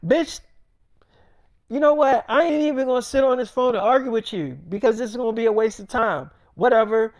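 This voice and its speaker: A man's voice: very high voice, a little fast, dry recording, studio quality. A man voicing a brash, defiant young woman rapper, cursing in heated slang during a freestyle story. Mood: scornful.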